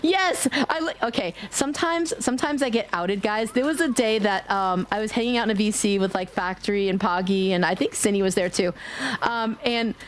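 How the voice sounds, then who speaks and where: Speaking fairly quickly in a mid-range voice, a woman streamer from Brooklyn, her New York accent faded, chats casually while gaming. She giggles, plays around, and cusses freely.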